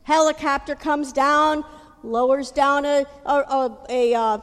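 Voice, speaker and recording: A woman's voice: sits high, fairly even intonation, takes it slowly. A woman preaching a sermon in a folksy, casual storytelling way. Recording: hall reverb.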